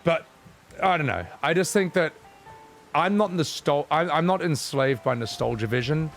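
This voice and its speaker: A man's voice: a little high, normal speed, faint music behind. A man chatting casually on a live game stream, opinionated and rambling, swearing freely.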